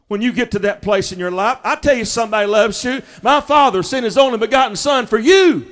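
A man preaching an impassioned sermon as pastor, calling out to the congregation and rising to shouts. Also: very high voice, moderate pace.

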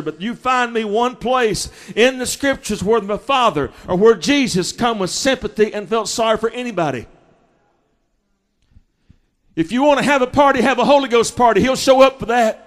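A man preaching an impassioned sermon as pastor, calling out to the congregation and rising to shouts. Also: high-pitched, brisk, few pauses.

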